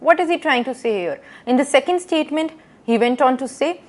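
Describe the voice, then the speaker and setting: A woman lecturing to students, reading out quotations and explaining them with rhetorical questions and frequent pauses. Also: high voice, lively intonation. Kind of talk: recorded lecture.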